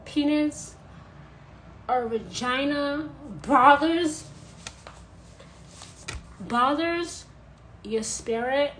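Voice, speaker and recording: A woman's voice: on the high side, a little slow, a little hiss or hum, low-quality recording. A woman vlogger giving an unscripted, blunt monologue, repeating her points for emphasis.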